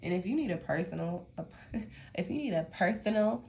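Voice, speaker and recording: Low-pitched tired woman with a Colorado accent, casual tarot reader, slight lisp, faint background noise. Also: expressive, fairly quick, gravelly, mellow. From Denver, Colorado. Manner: rambling, chatty, laughs often. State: sleepy. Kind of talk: casual monthly tarot reading.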